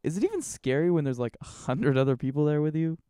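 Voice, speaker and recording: Mellow-voiced man with wry quips. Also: fairly high pitch, expressive, quick pace, clear, resonant tone, dry recording, studio quality. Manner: wry, joking interjections. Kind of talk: casual chat.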